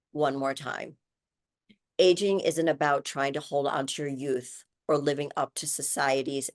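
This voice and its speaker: A woman's voice: a bass voice, a little mellow. A woman in her sixties hosting a solo podcast, speaking earnestly and encouragingly straight to women listeners. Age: 60s. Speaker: podcast host. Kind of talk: heartfelt solo podcast monologue.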